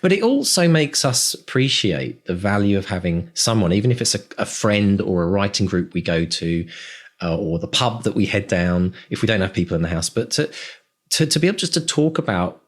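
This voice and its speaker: A man's voice: lowish voice, sing-song, brisk. A man co-hosting a podcast, chatting casually and rambling with many restarts. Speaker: podcast co-host.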